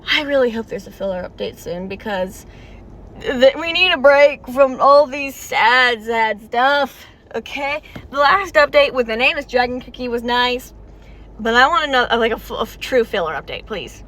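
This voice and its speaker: A woman's voice: fairly high pitch, lively intonation, moderate pace, a bit bright. A woman reacting to a game's story in casual, emotional vlog commentary, chatty and full of "like" fillers. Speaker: game story reaction vlogger.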